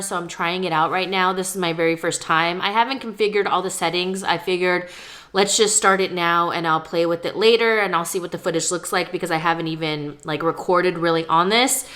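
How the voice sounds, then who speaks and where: A woman's voice: lowish voice, fairly bright tone. A young woman, talking candidly to the camera at home in a casual vlog while she eats. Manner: chatty, candid, talks between bites of food. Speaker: vlogger. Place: at home, indoors.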